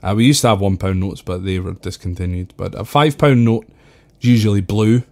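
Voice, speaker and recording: A Scottish man hosting a podcast alone, talking casually and rambling with lots of fillers. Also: a little fast. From Scotland. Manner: rambling, many fillers, lively swings in pitch. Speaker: podcast host. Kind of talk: casual solo podcast talk.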